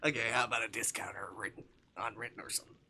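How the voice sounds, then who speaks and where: A man's voice: fairly low pitch, steady tone, racing, creaky, bright, forceful tone, slight background noise, full character voice. A man voicing a sarcastic young female customer with dry retorts.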